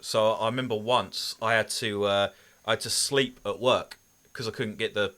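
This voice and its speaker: A man's voice: lowish voice, fairly even intonation, normal speed, sharp tone. A man, co-hosting a casual podcast, teasing his friend and telling his own stories with dry jokes and swearing. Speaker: podcast co-host. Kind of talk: casual chat.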